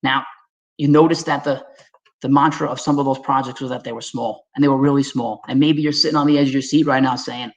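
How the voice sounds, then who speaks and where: A man from Staten Island with a New York accent, presenting slides in a webinar in an energetic, folksy, conversational way and speaking straight to his audience. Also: mid-range voice, quick pace, poor audio.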